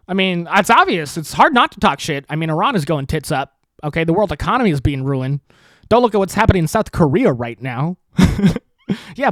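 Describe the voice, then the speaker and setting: A man's voice: sits high, no room sound, clean studio sound. A man hosting a podcast, rambling with sarcasm, swearing freely and laughing at his own jokes. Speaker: podcast host. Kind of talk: casual profane commentary.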